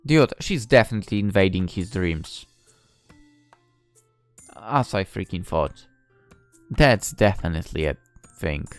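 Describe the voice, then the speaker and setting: A man's voice: low-pitched, measured pace, pauses often, clean tone, soft background music. Tired man reading a visual novel. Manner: relaxed, offhand, mumbly asides. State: tired, yawning. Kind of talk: reading game text aloud with casual asides.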